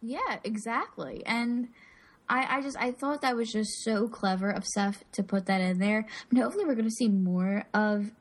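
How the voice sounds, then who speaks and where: A woman's voice: fairly high pitch, moderate pace. A woman co-hosting a casual podcast, telling a long story with lots of fillers and restarts. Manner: rambling, filler-heavy storytelling. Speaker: podcast co-host. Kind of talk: casual chat.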